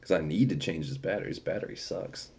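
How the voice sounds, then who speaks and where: A man's voice: low voice, fast talker, gravelly, darkish tone, slightly rough. A young man casually chatting on a livestream, reading viewer comments aloud and telling profane stories with frequent laughter. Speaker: streamer.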